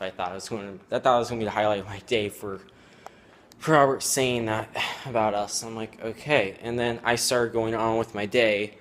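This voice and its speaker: A teenage boy telling a personal story at home, rambling and halting with many fillers. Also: lowish voice, fairly bright tone, a little hiss or hum. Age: teens. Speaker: student vlogger. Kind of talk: casual storytelling.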